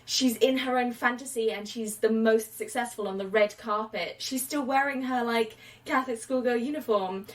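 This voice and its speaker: A woman's voice: fairly high pitch, moderate pace, few pauses, distant mic, poor audio. Casual woman podcast host, late twenties, chatty with filler words, a touch off-mic. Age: late 20s. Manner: chatty, animated, many fillers and quoted asides. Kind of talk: casual film podcast chat.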